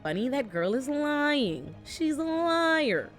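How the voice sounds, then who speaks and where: A woman's voice: sits high, sing-song, slow, soft background music, voice pushed up, heavily acted. A woman voicing an older male royal advisor who scolds his daughter bluntly in slang. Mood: scolding.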